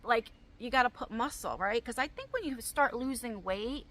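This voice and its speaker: Woman vlogging at home, chatty and rambling, bright voice that jumps all over. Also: fairly high pitch, expressive, normal speed. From New Jersey, US. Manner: chatty, rambling, frequent fillers. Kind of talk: casual Q&A chat.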